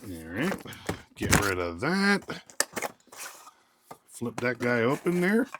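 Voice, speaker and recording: A man's voice: mid-range voice, sing-song, slow pace, heavy background noise. A man casually reviewing tools while unboxing them, rambling and joking with lots of restarts and fillers. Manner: rambling, jokey, self-interrupting. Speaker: tool reviewer.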